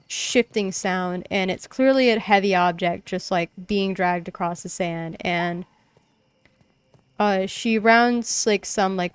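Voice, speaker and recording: A woman's voice: medium pitch, clean tone, no room sound. A young woman streaming a game and casually retelling a tabletop session, rambling with lots of fillers. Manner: rambling storytelling, many fillers. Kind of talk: casual chat while gaming.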